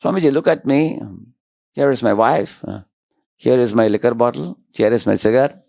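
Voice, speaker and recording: A man's voice: mid-range voice, moderate pace, creaky, a little mellow, natural voice. A man voicing a worldly middle-aged man who boasts of his pleasures and challenges a monk, in a brash, challenging manner. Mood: boastful.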